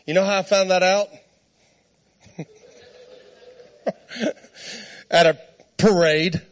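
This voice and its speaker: A man preaching a sermon, telling a comic story in an animated way and laughing as he talks. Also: high voice, very slow.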